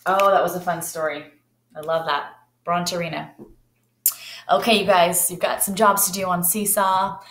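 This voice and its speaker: A woman teacher reading a picture book aloud to her class, lively and engaging as she speaks to the children directly. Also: lowish voice, normal speed. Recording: roomy echo.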